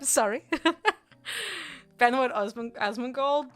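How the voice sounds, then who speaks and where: Young female streamer, high and bright, rambling and laughing, bursts of playful shouting. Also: lively intonation, measured pace. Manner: giggly, rambling, bursts into loud playful yelling. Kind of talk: casual live-stream chat with viewers. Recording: faint music behind.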